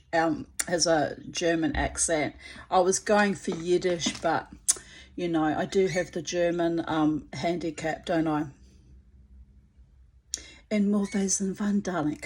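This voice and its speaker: A woman's voice: on the low side, steady tone, unhurried, a little mellow. Chatty, theatrical middle-aged woman vlogging. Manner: chatty, theatrical and rambling, with many fillers and asides. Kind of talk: casual spoken vlog. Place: at home. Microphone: phone camera.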